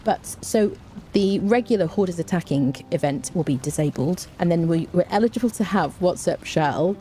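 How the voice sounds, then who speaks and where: A woman streaming a game live, talking through her play in a relaxed, chatty way with plenty of fillers and answering chat. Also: lowish voice, moderate pace, a little hiss or hum. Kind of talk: live gameplay commentary, reading chat.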